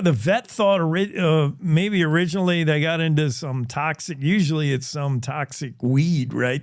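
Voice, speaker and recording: Male radio host, unhurried and slightly high, jokey and rambling, dry close sound. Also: vocal fry, a little mellow, no room sound. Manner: joking, rambling retelling with self-corrections. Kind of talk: casual chat.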